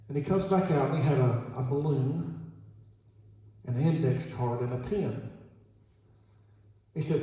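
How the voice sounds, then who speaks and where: A male pastor delivers a sermon in a church sanctuary, retelling a story with quoted dialogue in a mellow, slightly raised voice. The recording is distant and roomy, with long reverb from a large hall. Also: on the high side, normal speed. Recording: echoey church hall from far off.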